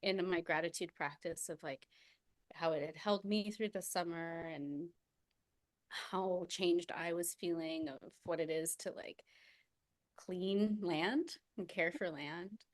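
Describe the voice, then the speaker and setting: A woman's voice: fairly low pitch, slow pace, dry recording, studio quality. A woman guest on a podcast, telling stories in a reflective way and laughing often. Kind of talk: reflective conversational storytelling.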